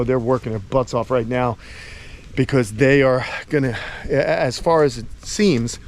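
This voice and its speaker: A man's voice: mid-range voice, a little mellow. A man who cares for animals, chatting casually through a vlog outdoors at his animal camp and talking fondly to the animals. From Florida. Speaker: animal caretaker and vlogger. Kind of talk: casual walk-and-talk vlog.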